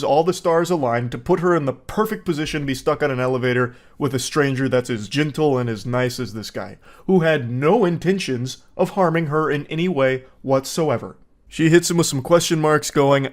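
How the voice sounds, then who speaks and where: A man giving casual reaction commentary in a sarcastic, deadpan and profane way. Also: medium pitch. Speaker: online commentator reacting to texts.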